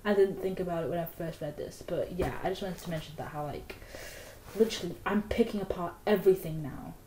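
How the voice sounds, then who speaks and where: Young woman, mellow lowish voice, rambly book-vlog chat, echoey room. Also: a little fast, slight background noise. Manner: rambling, full of "like" fillers. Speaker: book vlogger. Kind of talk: casual book review chat.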